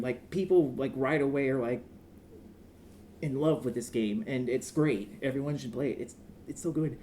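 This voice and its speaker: A man co-hosting a casual gaming podcast, animated and rambling, swearing freely. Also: medium pitch, moderate pace, pauses often, slight background noise. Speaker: podcast co-host.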